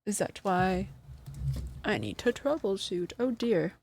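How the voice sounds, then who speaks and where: A woman's voice: mid-range voice, lively intonation, measured pace, a little mellow, slight background noise. A woman streamer chatting casually to her live chat, flustered and self-deprecating, often breaking into laughter. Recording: dry close sound.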